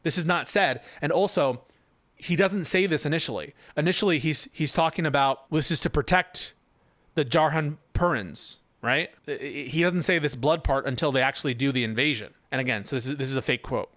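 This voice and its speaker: A man's voice: on the high side, a little fast, fairly bright tone, no echo. A male commentator giving reaction commentary, rebutting a written post point by point with incredulous, sarcastic remarks. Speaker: political commentator.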